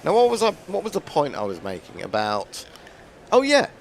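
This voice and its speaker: Gravelly chatty male cricket commentator. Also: fairly high pitch, huge pitch swings, normal speed, a little hiss or hum. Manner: chatty, musing aloud with restarts. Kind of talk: ball-by-ball radio commentary.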